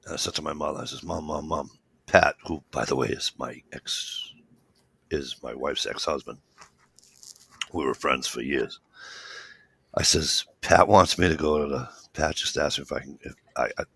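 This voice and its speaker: In a creaky, husky bass voice, a man who is a regular on the show spins long stories during casual chat. He's an animated storyteller, voicing every side of the dialogue and cursing freely.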